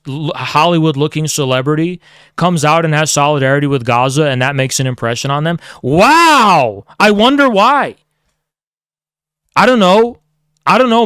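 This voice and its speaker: A man's voice: fairly high pitch, a bit bright, smooth, dry recording, studio quality. A man streaming heated commentary, sarcastic and profane, mocking the people he talks about.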